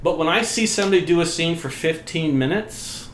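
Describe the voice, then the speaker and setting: A man's voice: fairly high pitch, brisk. A man telling blunt, profane stories on a podcast as a guest, laughing as he goes. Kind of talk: casual storytelling. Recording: echoey room with clear noise.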